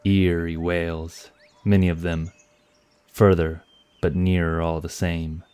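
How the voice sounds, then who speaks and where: Deep-voiced male audiobook narrator. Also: level tone, darkish tone, clear, resonant tone, no room sound. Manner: measured storytelling.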